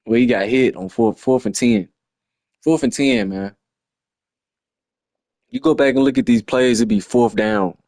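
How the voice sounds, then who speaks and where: A man's voice: medium pitch, sing-song, measured pace, pauses often, darkish tone, dry recording, clean studio sound. A man, breaking down a lost football video game in a frustrated, slangy ramble on a livestream. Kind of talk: casual game replay breakdown.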